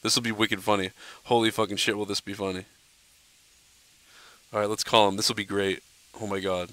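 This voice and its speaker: A man hosts a live stream, rambling and cursing freely with constant fillers. His voice is bright and forceful, smooth and clear. The sound is dry and close to the mic. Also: lowish voice, level tone, brisk, long pauses, no room sound. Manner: profane, rambling, lots of "you know". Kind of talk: casual live-stream rant.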